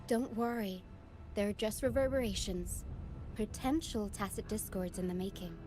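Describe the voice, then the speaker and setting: Woman voicing a calm reassuring game companion. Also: mid-range voice, moderate pace, close to an everyday voice. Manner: reassuring, composed. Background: game music.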